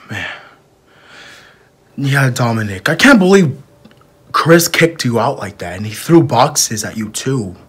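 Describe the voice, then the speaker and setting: A man talking quietly in a casual amateur fan drama. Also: mid-range voice, big pitch swings, a little slow, long pauses, breathy edge.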